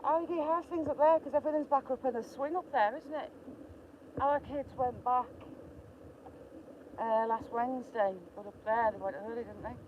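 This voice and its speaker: A woman's voice: high voice, normal speed, a little mellow, muffled recording, a little hiss or hum. A woman, chatting casually to her live chat while walking past stone walls in the countryside, giggling and reading out comments. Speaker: vlogger live-streaming a walk.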